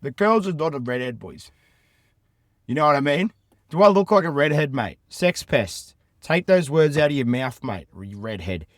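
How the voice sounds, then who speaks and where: A man's voice: on the high side, sing-song, moderate pace, no echo, studio quality. Brash, crude Australian man podcasting. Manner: brash, loud, crude, calls listeners boys. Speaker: podcast host. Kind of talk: crude casual podcast banter. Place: inside a van.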